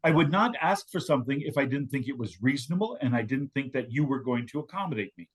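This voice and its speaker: Man, husky voice, medium pitch, rambling anecdotes, casual chat. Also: animated, fast. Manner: digressive storytelling with many restarts. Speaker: guest, communication teacher.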